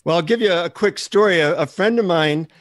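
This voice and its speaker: A man, a guest author, telling relaxed, self-deprecating anecdotes in an interview. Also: high voice, brisk, dry recording. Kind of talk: interview storytelling.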